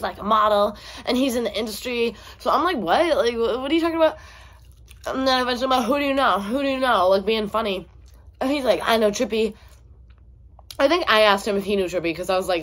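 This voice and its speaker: A young woman vlogger chatting casually while eating, with lots of "like", and acting out her own and others' lines in a higher voice. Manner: chatty, heavy use of "like", acts out dialogue with a raised pitch. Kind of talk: casual storytime chat. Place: indoors at home, eating on camera.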